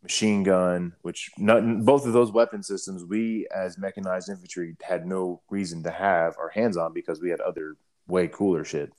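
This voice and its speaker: A man's voice: low-pitched, fairly even intonation, normal speed, a little mellow. A middle-aged man and army veteran in casual chat, telling profane stories full of quoted dialogue. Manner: laid-back, profane storytelling with quoted dialogue.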